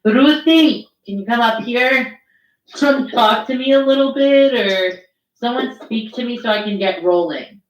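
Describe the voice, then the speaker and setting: A woman's voice: a little high, unhurried, roomy sound, poor audio. A woman chatting bluntly and jokingly on a live talk stream, with casual profanity.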